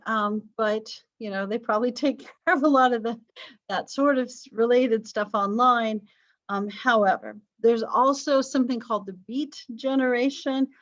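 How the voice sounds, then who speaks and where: A woman's voice: on the high side, muffled recording. A woman instructor giving a chatty, self-deprecating recorded online lecture with frequent ums. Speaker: college history instructor.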